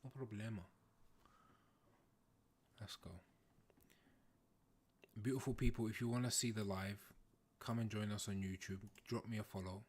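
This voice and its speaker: A man hosting a casual livestream, chatting with viewers in a playful, teasing way and often breaking into loud exclamations. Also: on the low side, steady tone, moderate pace, pauses often, breathy edge. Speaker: livestream host. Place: home, in the UK.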